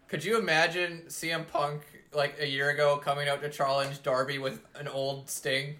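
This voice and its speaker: A man chatting casually while watching wrestling, excited, swearing freely and laughing often. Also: a little high, measured pace, reverberant. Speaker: co-host watching a wrestling show.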